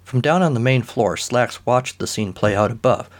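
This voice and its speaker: A male narrator reading a comic story in a dry, deadpan way, his voice sitting at a middling pitch. The delivery stays scripted and even. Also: moderate pace.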